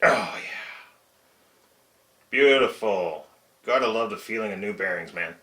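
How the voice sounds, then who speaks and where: A man's voice: lowish voice, lively intonation, measured pace, pushed and bright, reverberant. A man hosting a casual hobby repair vlog, chatty and self-mocking, chuckling at his own mistakes while he works. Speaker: RC truck hobbyist channel host. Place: home shed workshop.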